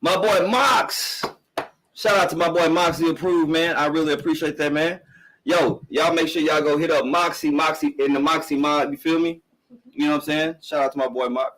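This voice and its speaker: A man's voice: a little high, fairly even intonation, normal speed, a bit bright, low-quality recording. A middle-aged man hosting a live-streamed podcast, ranting bluntly and emphatically, swearing often and repeating himself. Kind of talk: casual profane commentary rant.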